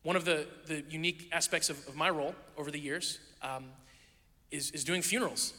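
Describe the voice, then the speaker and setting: A pastor with a high, very bright voice delivers a sermon in a conversational, storytelling way, slipping into playful asides. A man heard in a church sanctuary with a long reverb trailing his words. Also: fairly even intonation, brisk.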